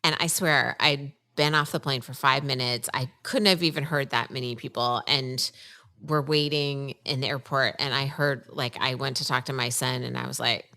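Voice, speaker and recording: A woman in her forties from Northern Virginia, co-hosting a podcast and telling stories in an animated way with frequent laughter. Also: very deep voice, moderate pace. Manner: animated storyteller, laughs often. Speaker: podcast co-host. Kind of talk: casual chat.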